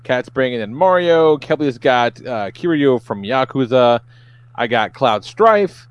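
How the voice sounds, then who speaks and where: A man's voice: medium pitch, expressive, unhurried, clear, resonant tone, dull audio. A man hosting a casual podcast, loose and profane, running through a list of game entries.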